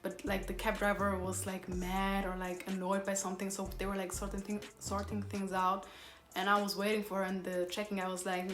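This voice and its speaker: A woman's voice: medium pitch, flat delivery, fairly quick, fairly bright tone, echoey room. Young woman rambling through a storytime. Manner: rambling retelling, filler-heavy with constant "like". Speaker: vlogger. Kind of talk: casual storytime.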